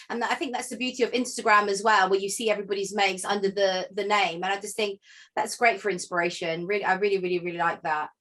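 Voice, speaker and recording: A woman's voice: medium pitch, fairly even intonation, fast, a bit bright. A woman interviewing a guest in a casual chat, asking friendly, encouraging questions with plenty of fillers.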